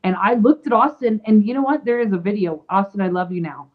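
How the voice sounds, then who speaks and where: A woman's voice: mid-range voice, fast. Blunt, profane woman, phone-like sound. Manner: blunt, profane, laughs often. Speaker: podcast co-host. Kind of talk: casual chat.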